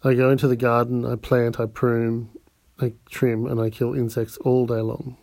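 A man's voice: medium pitch, level tone, moderate pace, creaky, a little mellow, no room sound, lightly acted. A man voicing a proud, humble telegraph keeper in his fifties, answering plainly and earnestly in a storybook reading. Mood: fond. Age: 50s. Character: proud elderly male telegraph keeper, gardener.

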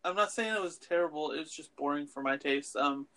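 A man's voice: fairly high pitch, brisk, sharp tone. A man co-hosting a casual podcast chat about films and TV, rambling and profane with lots of fillers. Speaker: podcast co-host.

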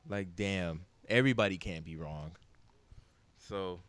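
Male podcast host, low smooth voice, relaxed and blunt. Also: measured pace, dry recording. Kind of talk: casual chat.

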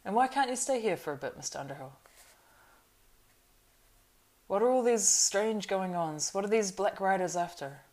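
A woman voicing a nervous, talkative male innkeeper in an audiobook reading, in a loud, rambling, flustered way. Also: medium pitch, animated, a little fast, pitched above the performer's own voice, lightly acted.

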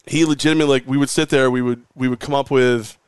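A middle-aged man, a former sports radio host, telling animated, rambling stories as a guest in a casual interview. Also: mid-range voice, fast, clean tone, dry recording. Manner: animated, rambling, heavy use of "like".

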